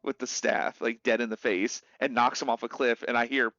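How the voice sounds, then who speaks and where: Animated young man telling game stories. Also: medium pitch, brisk, dry recording. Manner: animated storyteller, acts out quotes in voices. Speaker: streamer. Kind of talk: casual chat about a video game. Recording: dull lo-fi dry mic.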